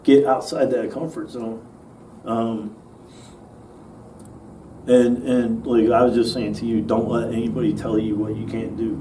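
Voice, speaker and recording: A man's voice: mid-range voice, little pitch movement, measured pace, long pauses, warm tone. A man, an actor, telling stories about his work in a casual interview, rambling with fillers and restarts. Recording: distant mic with faint noise.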